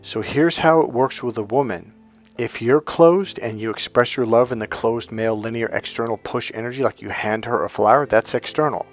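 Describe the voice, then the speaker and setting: A man's voice: medium pitch, moderate pace, soft background music. A middle-aged man giving dating coaching and telling a personal story in an earnest, emphatic way, sometimes acting out what others said. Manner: earnest, emphatic, acts out quotes.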